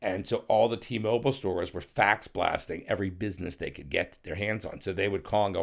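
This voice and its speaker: A man's voice: lowish voice, brisk, gravelly, hardly any pauses. A middle-aged man who is a guest on a podcast, telling rambling, profane stories in a casual interview and acting out other people's voices.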